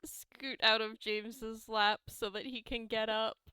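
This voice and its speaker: A woman's voice: fairly high pitch, flat delivery, measured pace, pushed and bright, clean tone, no echo. A woman playing a tabletop game, asking things in an unsure way. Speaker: player.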